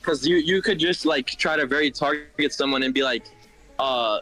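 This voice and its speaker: A man's voice: fairly high pitch, moderate pace, sharp tone, low-quality recording. A man taking part in a stream challenge, talking in a rambling, hesitant way with restarts and casual swearing. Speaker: stream contestant.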